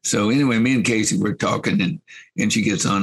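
An older man spins long, folksy stories, laughing as he goes. His low voice is gravelly and husky. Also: fast talker, poor audio. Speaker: guest. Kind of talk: rambling anecdotal storytelling.

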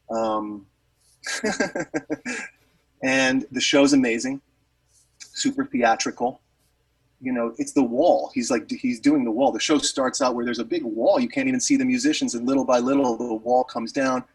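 A man's voice: medium pitch, husky, distant mic, rough recording. A man, a musician, telling a rambling story in casual chat with lots of fillers and restarts.

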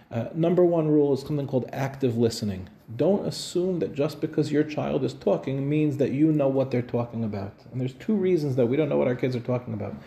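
A man's voice: mid-range voice, gravelly, warm tone. A middle-aged man, a rabbi, giving a conversational talk to parents at home, often checking in with his listeners. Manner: conversational, asks the audience "right?". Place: living room of a home.

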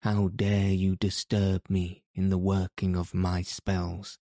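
A man's voice: deep voice, level tone, takes it slowly, dark tone, dry recording, clean studio sound. A man voicing a menacing male wizard who speaks in a stern, commanding way. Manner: commanding and imperious.

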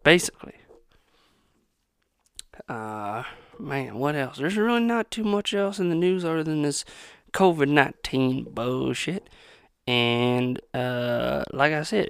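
A man's voice: mid-range voice, animated, slow, gravelly, long pauses, clear, resonant tone, no echo, studio quality. A man in his twenties ranting on his own podcast, rambling, sarcastic and full of profanity. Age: 20s. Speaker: podcast host. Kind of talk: profane solo podcast rant.

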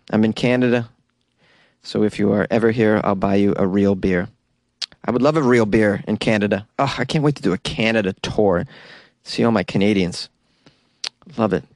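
On his casual solo podcast, a young man with a Boston accent jokes around and pokes fun at himself, laughing frequently. His voice is on the low side. He records in a small closet studio, and there's no echo.

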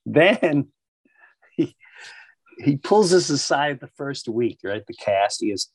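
A man's voice: mid-range voice, slow pace, pauses often, breathy edge, no echo. A man in his fifties from New York, animatedly telling comedy stories in a casual chat. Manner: animated, doing voices of people in his stories.

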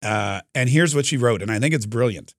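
A man's voice: mid-range voice, no echo, clean studio sound. A man hosting a talk radio show, giving an opinionated, combative monologue with frequent restarts. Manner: combative, restarts often, quick bursts.

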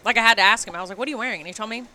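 A woman's voice: fairly high pitch, racing, sharp tone. A woman co-hosting a casual podcast, telling stories animatedly with playful jokes. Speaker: podcast co-host. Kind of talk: casual chat. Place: on location at a sewing store.

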